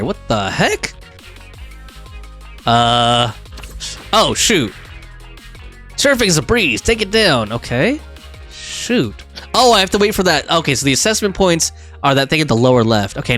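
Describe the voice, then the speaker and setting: A man's voice: on the high side, a bit bright. A man streaming a video game live, chatting and rambling as he plays and reads chat aloud. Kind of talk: live gameplay commentary.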